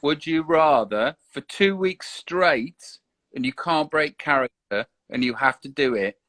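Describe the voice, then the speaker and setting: A man's voice: on the high side, unhurried, fairly bright tone, no room sound. A man, chatting casually on a live video stream, often stumbling and restarting his sentences. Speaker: guest. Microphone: online live video call.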